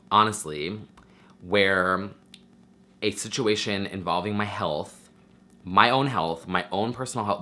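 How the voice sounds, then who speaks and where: A man's voice: low-pitched, sharp tone. A man in his thirties talking casually to camera at home, candid and campy, breaking into mock voices as he tells a personal story. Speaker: vlogger host. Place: home room with a ring light.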